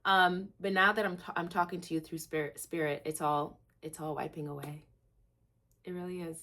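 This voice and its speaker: Candid woman rambling to camera, lower voice. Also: fairly quick. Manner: candid, rambling, heavy use of "like"; laughs at herself, swings between low and excited. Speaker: vlog host. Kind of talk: candid gratitude vlog, talking to camera.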